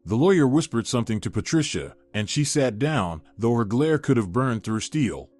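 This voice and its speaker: Man reading a dramatic story out loud, voice moves up and down a lot, dry close mic, soft music under. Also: medium pitch, expressive, normal speed, few pauses, dry recording. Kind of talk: scripted first-person story narration.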